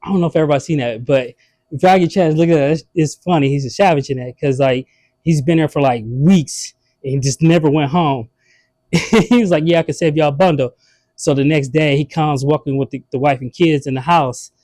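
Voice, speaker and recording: Laid-back man, dark dry voice. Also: on the high side, a little fast, dry recording. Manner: rambling, loose, laughing between lines. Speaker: comedian telling stories. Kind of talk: casual comic storytelling.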